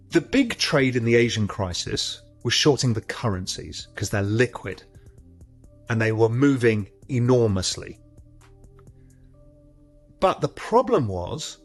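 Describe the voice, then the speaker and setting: A man tells a trading story in a slightly husky voice, animated and casual, acting out the voices on the other end of the phone. Faint music plays underneath. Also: mid-range voice. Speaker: interview guest, former trader. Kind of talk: storytelling anecdote.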